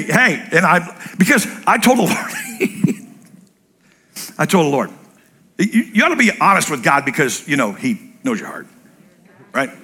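Delivering a church sermon, this pastor has a voice on the high side and a blunt, jokey style. He tells stories with animation, imitating the voices of the people in them.

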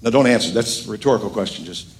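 A middle-aged man preaching a sermon as pastor, animated and emphatic with frequent jokes. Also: lowish voice, rapid-fire.

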